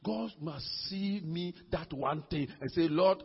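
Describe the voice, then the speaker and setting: Shouting husky preacher in a hall. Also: male voice, animated, unhurried. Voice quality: husky, gravelly voice. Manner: swings between shouting and dropping low, repeats words. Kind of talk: sermon. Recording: dull lo-fi hall recording.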